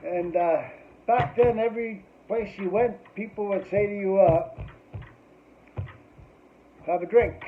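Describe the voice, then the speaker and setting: A man in middle age tells a loose, foul-mouthed story and keeps tacking "eh" onto his sentences. His voice sits high for a man. The sound is thin and boxy, like it came down a phone line. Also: moderate pace, a little hiss or hum. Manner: rambling and profane, tags lines with "eh". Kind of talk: casual anecdote.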